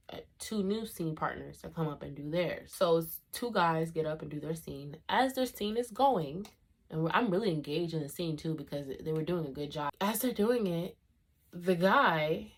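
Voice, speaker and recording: A woman vlogger telling a story in a casual storytime vlog, animated and full of "like" and "you know what I'm saying". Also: on the low side.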